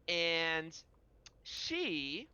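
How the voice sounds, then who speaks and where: A man narrating a tabletop game as game master, animated and rambling with fillers. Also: on the high side, very slow, clear, resonant tone, dry recording, muffled recording.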